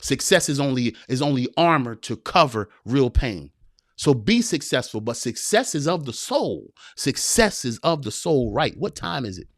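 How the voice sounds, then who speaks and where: Very animated and at a moderate pace, a medium-pitched man in his forties, a men's coach on a podcast, preaches emphatically through a motivational speech. He keeps repeating phrases and leans on street slang. The sound is clean studio audio without echo.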